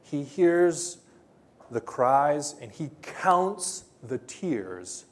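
A male pastor preaches slowly, retelling scripture stories with gentle, halting pauses. His voice sits at an ordinary middle pitch. He gathers his thoughts aloud and then carries on. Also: very animated. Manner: hesitant, many ums and uhs, gentle storytelling. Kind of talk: sermon.

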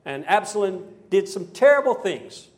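A male pastor delivering a sermon with a somewhat high voice. He tells the story with drama, pressing hard on some lines and dropping to a hush on others. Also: sing-song, moderate pace. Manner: dramatic storytelling, swings from emphatic to hushed.

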